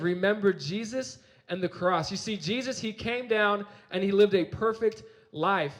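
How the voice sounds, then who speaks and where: A young adult man giving a youth sermon, telling a personal story with energy and often repeating his words. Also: high-pitched. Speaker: campus ministry speaker.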